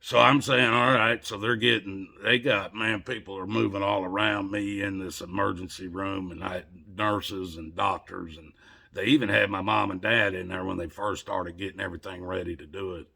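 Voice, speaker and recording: Man with a low, gravelly voice and a bright, husky edge, casual rambling storytelling. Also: fairly even intonation, normal speed. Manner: rambling, conversational, with repeated restarts.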